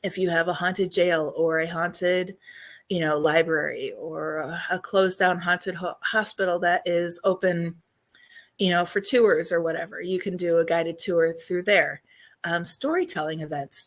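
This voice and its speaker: Hoarse woman host, chatty and halting. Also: lowish voice, fairly even intonation. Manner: chatty, full of ums, keeps clearing her throat. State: hoarse, losing her voice. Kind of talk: casual live-stream talk answering chat.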